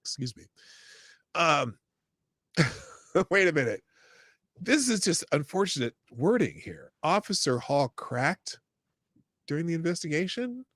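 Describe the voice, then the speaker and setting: A man's voice: on the high side, wildly swooping pitch, a little slow, long pauses, husky, no echo, clean studio sound. Sarcastic, ranting male stream host. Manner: sarcastic, bursts into shouted rants. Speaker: live-stream show host. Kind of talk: live-stream news commentary, reading chat.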